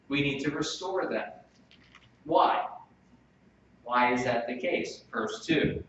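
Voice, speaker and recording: A man preaches a sermon at an ordinary pitch, dropping soft and slow, then jumping into loud bursts. He is heard from a distance in a very reverberant church. The sound is dull, with faint room noise behind. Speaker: pastor.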